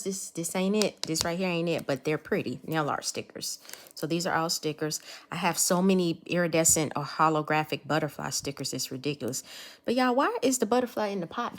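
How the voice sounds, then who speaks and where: A woman chats casually as she unboxes nail supplies, talking straight to her viewers. Her voice sits low. A faint hiss runs under the recording. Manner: chatty, talks to viewers as y'all. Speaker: nail art vlogger.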